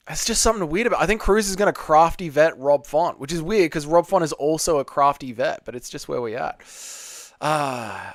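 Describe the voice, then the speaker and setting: A man's voice: fairly high pitch, fairly bright tone, dry recording, clean studio sound. A young man hosting a casual livestream from home, talking bluntly and crudely and reading viewer comments aloud. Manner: blunt, crude banter, reads chat aloud. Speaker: livestream host.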